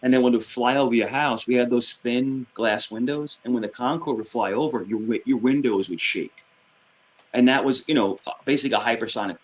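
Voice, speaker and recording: A man's voice: medium pitch, fairly quick. A man in his fifties with a New York accent, rambling in casual chat and often restarting his sentences. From New York City. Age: 50s.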